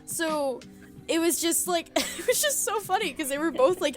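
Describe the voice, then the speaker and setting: A young woman co-hosting a fan podcast in casual chat, telling stories in an animated way with lots of laughs and fillers. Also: sits high, brisk, faint music behind. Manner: giggly, animated storytelling with many fillers. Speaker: podcast co-host.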